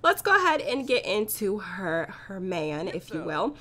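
A young woman hosting a gaming channel, hoarse from a sore throat, chatting in a bubbly, gushing way over a let's play. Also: mid-range voice, big pitch swings, unhurried, sharp tone. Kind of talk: casual let's play commentary.

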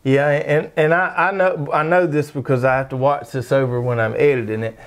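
A man's voice: mid-range voice, steady tone, brisk. A middle-aged man with a Southern US accent hosting a casual garden show, talking in a folksy, rambling, drawling way. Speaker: show host. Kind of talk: casual chat.

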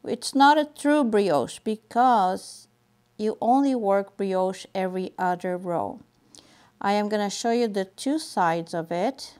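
Slow, patient woman teaching knitting. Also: mid-range voice, a little mellow, smooth. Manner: patient, repeats steps slowly while demonstrating. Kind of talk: step-by-step craft tutorial.

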